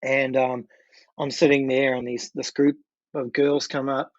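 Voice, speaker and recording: A middle-aged man with a New Zealand accent, a guest musician telling a story in a lively, animated way. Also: medium pitch, unhurried, no room sound. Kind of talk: casual storytelling. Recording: dry, dull lo-fi sound.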